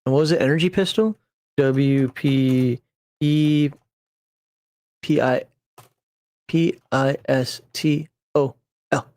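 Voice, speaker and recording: A man's voice: mid-range voice, slow pace, pauses often, darkish tone, no echo. A man hosting a casual livestream as a game master, talking in a rambling, digressive way and chuckling at himself as he builds a character. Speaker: game master and channel host.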